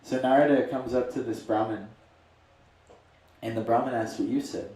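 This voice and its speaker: A man's voice: mid-range voice, fairly even intonation, moderate pace, mellow. A man giving a casual, rambling storytelling talk as a spiritual teacher. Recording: echoey room from a distant mic.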